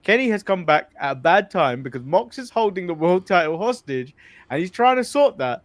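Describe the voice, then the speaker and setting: A man's voice: high voice, sing-song, normal speed. An English man co-hosting a casual wrestling podcast, joking, swearing freely and laughing often. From England. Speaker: co-host.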